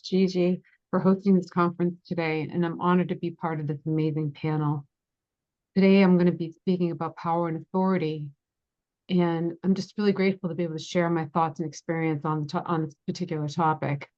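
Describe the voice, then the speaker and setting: A woman's voice: lowish voice, fairly even intonation, brisk, darkish tone, dull audio. A woman health coach giving a gracious, composed prepared talk on a conference panel.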